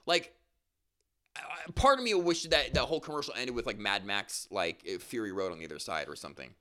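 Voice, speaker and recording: Animated man in crude sports banter. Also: mid-range voice, brisk. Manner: rambling, crude, joking, with many fillers. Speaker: podcast co-host. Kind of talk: casual sports chat.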